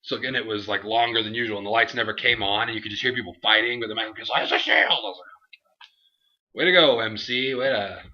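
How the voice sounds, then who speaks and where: A young man co-hosting a casual review chat, animated and laughing, acting out what others said. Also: lowish voice, fast talker, few pauses. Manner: animated, acts out quotes, laughs often. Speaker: show co-host. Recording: dull lo-fi home recording.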